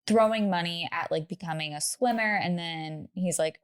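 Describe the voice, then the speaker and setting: Woman, podcast co-host, lowish voice, chatty storytelling, casual filler words. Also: moderate pace, clear, resonant tone. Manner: chatty, laughing asides, lots of "like". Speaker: podcast co-host telling a true-crime story.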